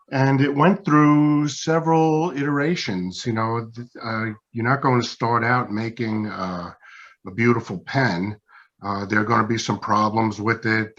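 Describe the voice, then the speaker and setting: A man's voice: on the low side, fairly bright tone, highs cut off. Self-deprecating man telling stories on a call. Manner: anecdotal, acts out others' remarks, self-deprecating. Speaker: guest pen maker. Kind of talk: casual interview storytelling. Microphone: video call.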